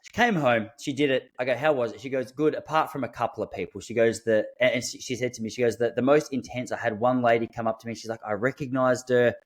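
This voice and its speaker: Speaking quickly at a medium pitch, a podcast host tells stories in a casual, animated way. He laughs and acts out people's words in quoted voices.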